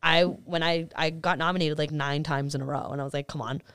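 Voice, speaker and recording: Lowish-voiced woman dj chatting on a podcast, super animated, swears a lot, says like constantly, clean dry mic. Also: smooth, no room sound. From Boston area scene. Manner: animated, swearing, talks in rushes with many "like"s. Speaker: DJ, podcast guest. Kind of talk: casual podcast conversation.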